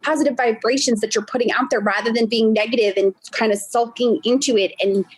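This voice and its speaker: A woman podcast host with a husky, slightly raspy voice that sits a little high. She praises her guest's answers warmly and effusively, with frequent ums. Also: fairly even intonation, a little fast, low-quality recording. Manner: effusive, enthusiastic praise with fillers. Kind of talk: podcast interview.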